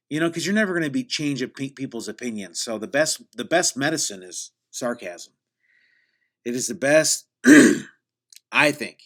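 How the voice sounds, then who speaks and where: A man hosting a solo podcast, talking sarcastically in a meandering, deadpan way with many restarts. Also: mid-range voice. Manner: mock-grandiose hype at the opening. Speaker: podcast host. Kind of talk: rambling solo podcast monologue.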